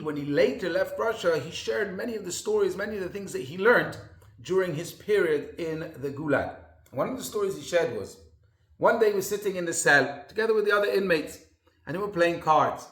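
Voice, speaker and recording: A man's voice: high voice, animated, a little fast, fairly bright tone, roomy sound. A man rabbi giving a sermon in an earnest storytelling manner with emphatic repetition.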